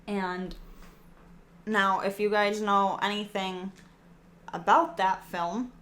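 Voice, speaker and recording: A woman's voice: medium pitch, little pitch movement, slow pace, fairly bright tone. Chatty woman podcast co-host. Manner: chatty, uses fillers like um and like. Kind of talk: casual chat.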